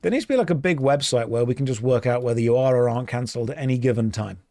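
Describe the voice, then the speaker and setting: A man's voice: mid-range voice, racing, mellow, no room sound, soft background music. An English man streaming an online game, chatting casually in a rambling, joking way while he plays. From England. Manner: rambling, joking, thinking aloud. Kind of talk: casual gameplay chat.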